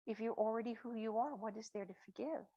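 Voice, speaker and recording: A woman voicing the sun as a gentle divine figure in a story she retells, speaking in a calm, patient way. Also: a little high, quick pace, no echo, dull audio, natural voice. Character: kindly all-knowing sun, gentle divine elder.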